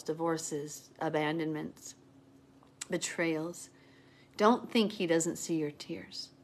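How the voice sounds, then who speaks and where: A woman's voice: deep voice, slight background noise. A woman reading scripture aloud and commenting on it in an earnest, heartfelt, conversational way. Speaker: Bible teacher.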